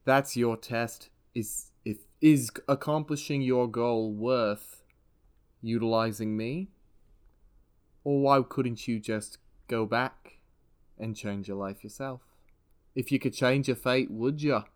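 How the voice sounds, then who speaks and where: Man doing a mysterious void crystal, calm, probing, slow, mid-pitched. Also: smooth, natural voice. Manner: calm, probing, low-key questions. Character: mysterious all-knowing void crystal spirit.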